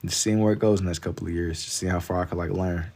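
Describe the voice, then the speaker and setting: A man with a Southern accent and a somewhat low voice, talking loosely while he draws. He rambles in an easygoing way and fills his sentences with "like" as he reads and answers chat. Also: steady tone, very fast, darkish tone. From Kentucky. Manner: laid-back, rambling, heavy on filler "like". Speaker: live-stream artist. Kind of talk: casual live-stream chat while drawing.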